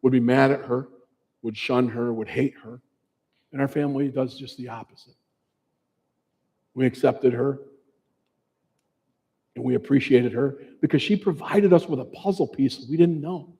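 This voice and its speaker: A man's voice: mid-range voice, normal speed, pauses often, mellow, breathy edge. A man in his fifties, a bereaved father, telling his story in an earnest, conversational way as a personal testimony speech. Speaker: bereaved father giving a talk. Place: large presentation hall. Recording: long hall reverb.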